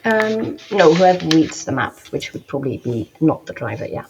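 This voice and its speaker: A woman's voice: low voice, very animated, moderate pace, gravelly, background noise. A woman narrating as game master of a tabletop game, hesitant, with many ums and restarts. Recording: dull lo-fi recording.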